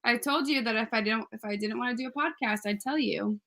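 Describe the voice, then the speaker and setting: A woman's voice: fairly high pitch, a little fast, a bit bright. A woman co-hosting a live podcast, giving short, defensive replies in casual banter. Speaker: podcast co-host.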